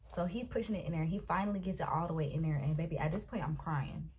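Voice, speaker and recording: Talking quickly in a lowish voice over background noise, a young woman gives an animated, dramatic storytime vlog. She addresses her viewers directly as y'all and baby.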